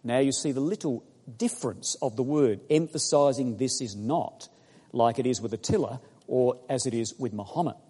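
A man preaching a sermon, emphatic and building to loud exclamations as he addresses the congregation. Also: medium pitch, normal speed, husky. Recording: long hall reverb.

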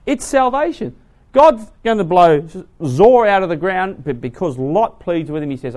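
A man preaching a sermon, retelling a story dramatically, swinging from hushed to loud. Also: high-pitched, expressive, normal speed.

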